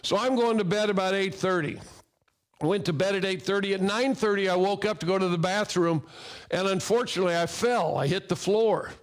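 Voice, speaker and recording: Middle-aged guy w a high voice, animated storyteller talking fall safety. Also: fairly quick. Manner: animated storyteller who acts out dialogue. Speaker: fall protection equipment speaker. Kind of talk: personal story told to an audience.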